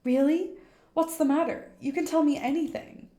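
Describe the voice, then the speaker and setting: A woman's voice: high-pitched, steady tone, normal speed, reverberant, lightly acted. A woman voicing a cheerful, protective teenage schoolgirl from a game, reading her lines aloud on stream. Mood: eager, caring. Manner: bright, eager, affectionate.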